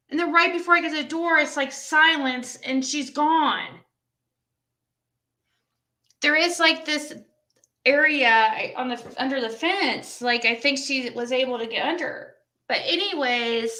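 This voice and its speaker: On her livestream, a young woman with a high-sitting voice tells a story at an unhurried pace, chatting casually and responding to comments with lively exclamations.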